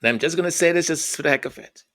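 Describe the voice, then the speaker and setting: A man telling a personal story, halting and repeating words in an earnest way. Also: a little high, fairly bright tone, slight background noise.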